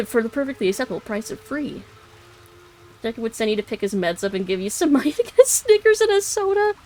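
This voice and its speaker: A woman's voice: fairly high pitch, big pitch swings, fairly quick, darkish tone. A young woman streaming a video game, chatting casually and giggling often as she rambles and corrects herself. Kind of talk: casual gaming commentary.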